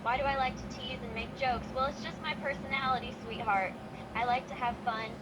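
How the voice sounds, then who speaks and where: A woman's voice: high-pitched, steady tone, a little fast, very noisy, natural voice. A synthetic woman's voice playing a playful female wrestler chatbot who narrates her own actions and calls the listener sweetheart. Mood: teasing affectionate.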